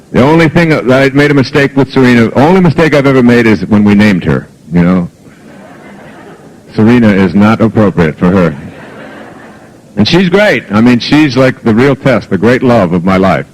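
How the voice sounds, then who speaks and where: A man's voice: fairly low pitch, lively intonation, moderate pace, long pauses, low-quality recording. Middle-aged man telling funny stories. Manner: humorous anecdotal storytelling. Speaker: motivational speaker. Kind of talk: live lecture to an audience.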